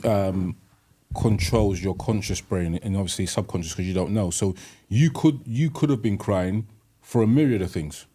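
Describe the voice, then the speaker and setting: A man's voice: low voice, moderate pace, dark tone, breathy edge. A middle-aged man, co-hosting a group chat, often stumbling over repeated words before making a point. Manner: hesitant, repeats words when starting a point. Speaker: podcast co-host.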